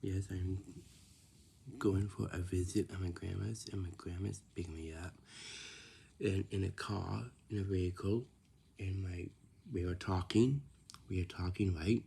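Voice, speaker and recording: A man's voice: sits low, fairly even intonation, a little slow, creaky, long pauses, dark tone, slight background noise. A man chatting casually and rambling, repeating himself and often restarting his sentences.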